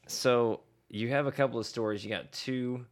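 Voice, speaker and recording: A man's voice: mid-range voice, steady tone, moderate pace. An American man hosting a podcast, chatting in a jokey, giggly, loose way. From United States. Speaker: podcast host. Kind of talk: casual chat.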